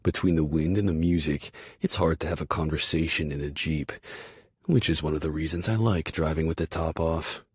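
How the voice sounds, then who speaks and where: A man with a very low, husky voice reads a first-person audiobook with dry, sardonic wit. The recording is close and dead dry, with no room sound. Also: moderate pace, no echo. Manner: dry, wry, sardonic inner monologue. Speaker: audiobook narrator.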